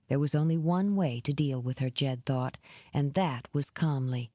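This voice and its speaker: A woman reading a romance novel aloud in a measured, even narration. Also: a bass voice, dry recording, lo-fi sound. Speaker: audiobook narrator. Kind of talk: scripted narration.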